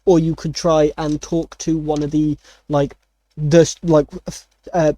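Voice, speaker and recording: A man's voice: a little high, mellow. A man narrating as dungeon master in a casual, rambling way full of fillers. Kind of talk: narrating a tabletop game.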